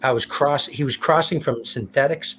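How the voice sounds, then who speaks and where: A man's voice: mid-range voice, normal speed, fairly bright tone, slight background noise. A man hosting a casual livestream, rambling and swearing freely as he acts out what others said. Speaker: livestream host. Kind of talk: casual chat.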